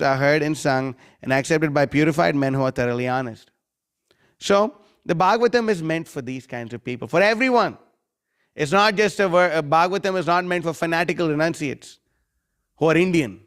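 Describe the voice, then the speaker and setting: High-voiced man preaching with rhetorical questions. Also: a little fast, clear, resonant tone. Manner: quotes critics in a mocking voice; recites Sanskrit verses. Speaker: devotional class speaker. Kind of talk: scripture class lecture.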